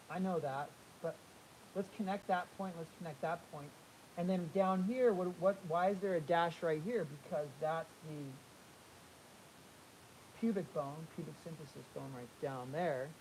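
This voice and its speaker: An art instructor demonstrates figure drawing, talking through each line as he sketches, energetic and repeating his points. His voice is a little high, his pace normal, and the poor audio carries a faint hiss underneath.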